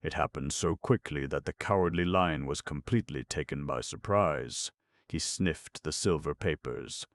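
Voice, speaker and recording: A man narrating a classic storybook in a steady, measured way. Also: a bass voice, dry recording. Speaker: audiobook narrator. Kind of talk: scripted narration.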